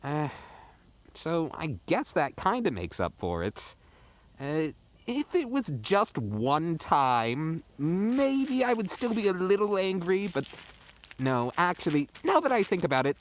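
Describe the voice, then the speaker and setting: A man's voice: huge pitch swings, a little slow, slight background noise. A young man vlogging in the snowy woods at night into his phone, rambling in a mock-dramatic way. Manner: rambling, mock-dramatic, wildly swinging pitch. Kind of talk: comedic outdoor vlog. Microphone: phone camera.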